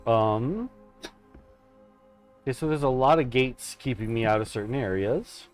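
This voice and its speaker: A man's voice: mid-range voice, measured pace, soft background music. A man streaming a horror game live, commenting as he explores and making playful, mock-dramatic asides to himself.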